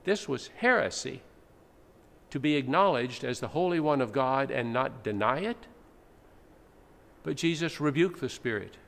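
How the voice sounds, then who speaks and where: A pastor with a medium-pitched, gravelly, slightly bright voice preaches in an animated way, a little slowly. His explanatory, teacherly sermon includes dramatic readings, captured in an echoing church sanctuary with faint noise.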